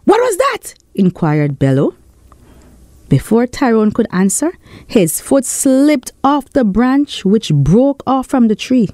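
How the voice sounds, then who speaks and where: Lively St. woman telling a story. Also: on the high side, takes it slowly, dry recording. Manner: lively expressive reading. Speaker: storyteller and author. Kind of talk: storybook narration.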